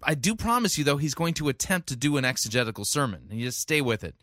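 Animated man critiquing a sermon. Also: medium pitch, quick pace, no echo, clean studio sound. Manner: conversational, restarts, animated mock voices. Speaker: sermon reviewer. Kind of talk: commentary on a played sermon.

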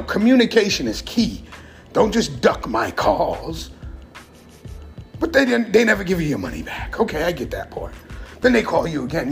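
A man's voice: high-pitched, big pitch swings, normal speed, vocal fry, soft background music. A middle-aged man giving blunt, profane advice in a casual vlog monologue. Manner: blunt, profane street talk. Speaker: vlogger giving life advice.

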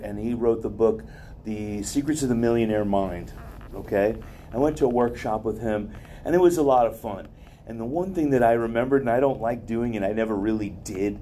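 A man with a mellow, warm voice gives a motivational wellness talk to a group. He speaks loosely and conversationally, wandering into asides and personal stories. There is a faint hum of room ambience behind him. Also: medium pitch. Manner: rambling, conversational, with many asides.

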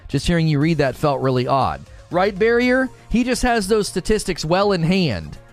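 Man, streamer doing heated commentary; sarcastic, lively swoops in pitch, slightly high voice, soft music bed. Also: moderate pace. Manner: indignant, sarcastic, mocks others in hushed put-on voices. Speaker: streamer commenting on industry news.

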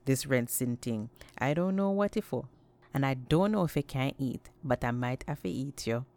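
A woman with a Jamaican accent voicing Anansi, a crafty male spider trickster, in a high wheedling voice for a told folktale. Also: expressive, normal speed, mellow. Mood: grumbling mutter.

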